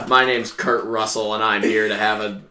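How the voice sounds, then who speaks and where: A man's voice: lowish voice, flat delivery, moderate pace, bright, forceful tone, pitched below the performer's own voice. A man doing a playful, hammy impression of a drawling, tough male movie hero, in an echoey room. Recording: echoey room with faint noise.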